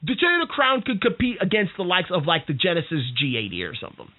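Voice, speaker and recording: A podcast host rants in a lively, sing-song voice that swoops up and down, sounding exasperated and often stumbling over words. The recording is tinny and phone-like. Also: medium pitch, quick pace. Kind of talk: casual solo rant.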